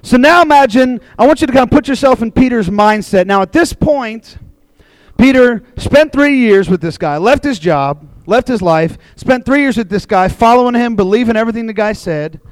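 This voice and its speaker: A man preaching a casual sermon to a group, telling a Bible story in a chatty, animated way. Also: very high-pitched, moderate pace, no echo, poor audio. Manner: chatty and animated, acting out voices in quotes. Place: room with a live audience.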